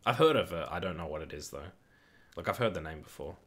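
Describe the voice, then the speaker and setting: Young male streamer, low voice, casual football watch-along banter, excitable and sweary. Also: fast talker, a little hiss or hum. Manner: excitable, swearing, reads chat aloud. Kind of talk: casual live-stream chat and commentary.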